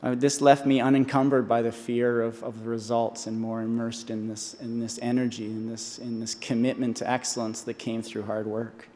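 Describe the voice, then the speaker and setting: A man in his forties, an honorary doctorate speaker, gives an earnest commencement speech from a podium in a large convocation hall with long reverb. His medium-pitched, slightly mellow voice is flat and at normal speed with hardly any pauses, and he often restarts and repeats himself.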